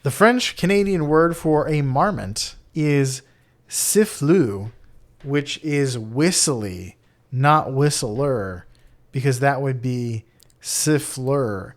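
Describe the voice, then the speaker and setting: A man co-hosting a podcast in casual chat, chatty and quick to laugh, sometimes stumbling over words. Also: mid-range voice, animated. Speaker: podcast co-host.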